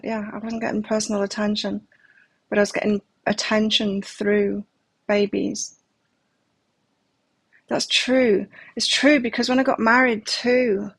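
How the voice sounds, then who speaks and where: Husky, gravelly-voiced woman tarot reader. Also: fairly high pitch, no room sound. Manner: candid, reflective, confiding personal stories. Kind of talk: live-stream tarot reading.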